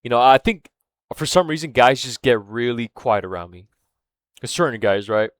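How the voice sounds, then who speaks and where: In a loose, meandering monologue, a man who vlogs recounts something from his own life, swearing a lot, packing in "man" and "right?", and often forgetting where he was going. His middle-pitched voice is animated and moves at a normal speed. There's no room sound at all in the dry recording.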